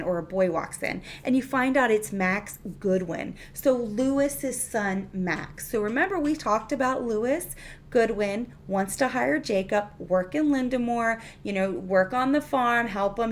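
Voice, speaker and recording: A woman's voice: mid-range voice, slight background noise. A woman reviewing a TV episode in a casual, chatty recap, full of fillers and restarts.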